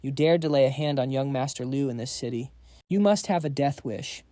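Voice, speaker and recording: A man's voice: medium pitch, brisk, mellow, no room sound, clean studio sound, lightly acted. A man voicing a menacing male gang leader who sneers out threats in a recap story.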